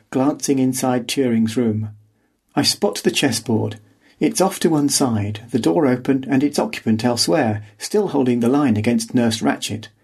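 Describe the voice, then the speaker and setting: A man's voice: medium pitch, a little mellow, husky. A man narrating a first-person story in a dry, wry storytelling manner. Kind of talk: scripted fiction narration. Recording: podcast audiobook reading.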